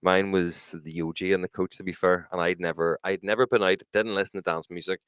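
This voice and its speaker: A man's voice: low-pitched, steady tone, a little fast, a bit bright, clear, resonant tone, no room sound. A man co-hosting a podcast, chatting casually and joking with sweary banter. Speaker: podcast co-host, music producer. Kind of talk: casual chat.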